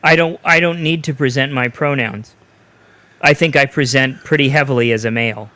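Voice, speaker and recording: A man's voice: mid-range voice, normal speed, bright, forceful tone. A man co-hosting a podcast in casual chat, ranting bluntly and swearing freely. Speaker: podcast co-host.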